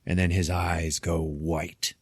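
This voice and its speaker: A man hosting a podcast, recapping a film in casual chat with animated storytelling, frequent laughter and swearing. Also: low voice, slow, husky, no room sound, clean studio sound. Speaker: podcast host.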